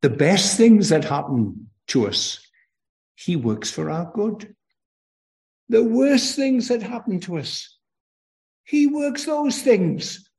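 A man's voice: high voice, big pitch swings, slow pace, pauses often, a little mellow. An older man from Wales with a Welsh accent, preaching a children's sermon with emphatic call and response.

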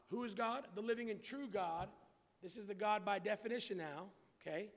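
High gravelly preacher in a reverberant church. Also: male voice. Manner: reads scripture slowly and emphatically, then drops to quiet asides. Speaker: pastor. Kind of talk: expository Bible sermon. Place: church building.

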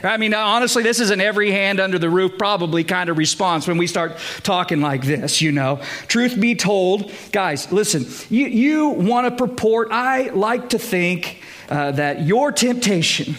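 A male pastor giving a conversational sermon, often checking in with his listeners with quick questions. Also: high-pitched, fairly bright tone.

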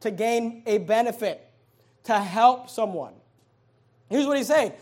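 A male pastor preaching a sermon, reading scripture aloud and emphatically stretching out key words. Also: very high-pitched.

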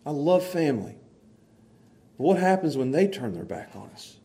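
A man preaching a folksy sermon to a small church congregation, swinging from hushed earnest passages to loud, excited storytelling. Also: a little high, fairly quick. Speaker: pastor. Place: small church, evening service.

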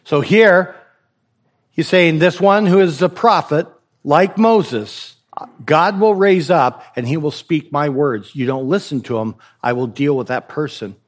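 A man's voice: on the high side, unhurried. A man preaching a sermon to his congregation, pressing his point with rhetorical questions and repeated phrases. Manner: exhorting, rhetorical questions, repetition for emphasis. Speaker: pastor.

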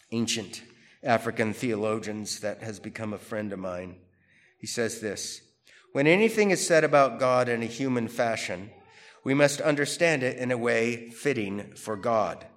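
A man giving a conversational theology lecture, reading quotations aloud and questioning them. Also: medium pitch. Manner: animated, conversational, reads quotes aloud. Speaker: theology teacher. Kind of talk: classroom lecture.

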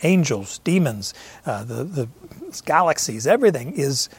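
A man's voice: medium pitch, big pitch swings, normal speed, breathy edge. A man preaching a sermon to his congregation, earnest and emphatic, repeating key phrases and often restarting mid-sentence. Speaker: pastor.

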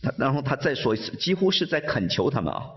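A man interpreting a sermon live, often stammering and repeating words, lively when he voices the quotes. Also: mid-range voice, quick pace. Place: large conference hall. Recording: dull muffled sound, long reverb in a hall.

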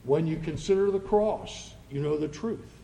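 A man preaching a sermon as pastor, speaking slowly and rising to loud, emphatic readings of scripture. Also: fairly high pitch, vocal fry, slight background noise. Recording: long reverb of a church hall.

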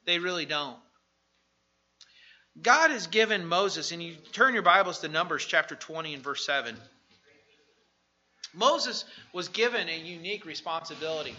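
Man, pastor, high bright voice, animated sermon delivery, dull lo-fi recording. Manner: animated preaching, swings from soft asides to shouting.

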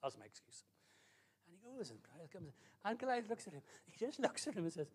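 A man preaching a sermon, telling a Bible story in an animated, exclamatory way. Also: high-pitched, fast talker, breathy edge.

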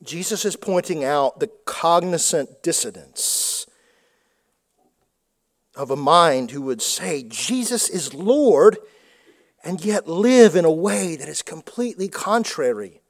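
A man's voice: fairly high pitch, lively intonation, measured pace. A man preaching a sermon, emphatic and repeating words for stress. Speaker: pastor.

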